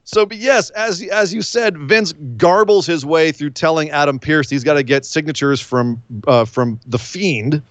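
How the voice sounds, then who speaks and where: A man's voice: fairly high pitch, unhurried, few pauses, no room sound. A man co-hosting a casual wrestling podcast, joking and rambling as he recaps the week's shows. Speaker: podcast co-host.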